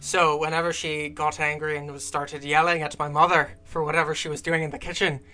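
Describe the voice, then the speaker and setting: A man's voice: on the high side, level tone, brisk, pushed and bright. A man co-hosting a podcast, telling a long story in casual chat with many fillers. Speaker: podcast co-host.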